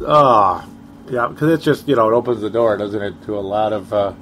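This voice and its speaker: A man's voice: fairly low pitch, fairly even intonation, moderate pace, fairly bright tone, slight background noise. A man co-hosting a sports talk show, rambling casually with chuckles and sarcastic asides.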